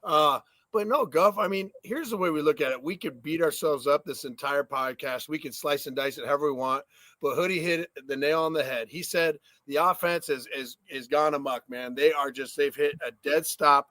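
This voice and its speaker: A former ballplayer talks baseball in a bright, forceful voice, a bit higher than most men, and tells animated stories. The sound is close and dry, with no room around it. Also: male voice, normal speed, no echo. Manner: animated storytelling with swearing and laughs. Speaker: podcast co-host, former ballplayer. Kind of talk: casual sports chat.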